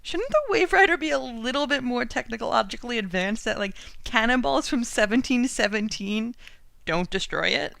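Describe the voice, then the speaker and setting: Podcast co-host, woman, crisp dry voice, chatty and giggly. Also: on the high side, expressive, normal speed, fairly bright tone, no echo. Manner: chatty, laughs often, lots of likes. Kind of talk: casual chat.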